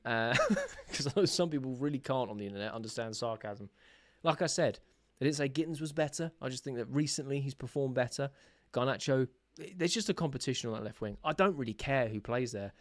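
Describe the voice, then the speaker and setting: Young guy yelling at the match on a live stream, jokey and sarcastic, medium voice, dead dry sound. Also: medium pitch, brisk, hardly any pauses, no room sound. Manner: excitable, bursts into shouts at goals, sarcastic banter with chat. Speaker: football watch-along host. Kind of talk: live match reaction chat.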